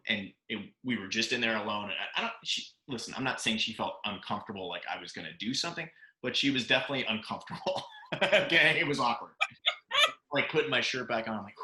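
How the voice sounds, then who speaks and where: A man co-hosting a podcast, telling a story in a casual, animated way, laughing often and acting out what people said. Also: mid-range voice, fairly quick. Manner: animated, laughs often, acts out quoted lines. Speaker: podcast co-host. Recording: roomy echo.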